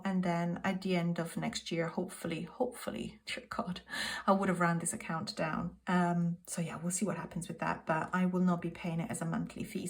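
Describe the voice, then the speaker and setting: A woman in her thirties from the UK talks her viewers through her monthly bills at home, calling them "guys" in a relaxed, chatty way. She keeps her voice hushed, close to a whisper, so her sleeping daughter isn't woken. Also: lowish voice. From United Kingdom. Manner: speaks softly, half-whispering so a child can sleep. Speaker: budgeting vlogger. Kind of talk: casual monthly budget walkthrough.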